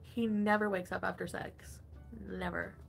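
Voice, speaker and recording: A woman's voice: on the low side, level tone, unhurried, gravelly, breathy edge, faint music behind. A woman livestreaming in casual, rambling chat, swearing freely and laughing often.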